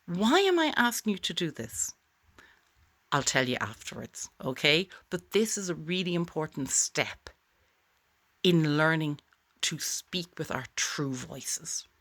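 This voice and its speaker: A woman's voice: sits low, very animated, unhurried, a bit bright. A woman teaching a voice exercise straight to camera in an encouraging, chatty way. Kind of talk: direct-to-camera tutorial.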